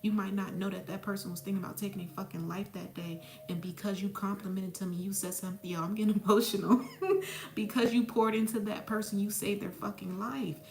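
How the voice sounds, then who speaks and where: A woman's voice: mid-range voice, level tone, fast talker, gravelly, hardly any pauses, a little mellow. A woman spiritual mentor giving a blunt, profane, preachy motivational talk. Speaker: spiritual mentor and psychic medium. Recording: echoey room, faint music behind.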